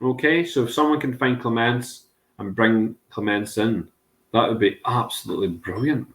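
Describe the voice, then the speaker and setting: Guy hosting a tasting on a video call, chatty, gets excited, middle pitch. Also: moderate pace. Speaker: host of an online whiskey tasting. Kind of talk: casual chat.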